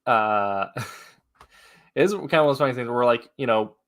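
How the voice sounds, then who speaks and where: A man hosting a casual online trivia game, relaxed and laughing often, with many fillers. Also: medium pitch, normal speed. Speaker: trivia host.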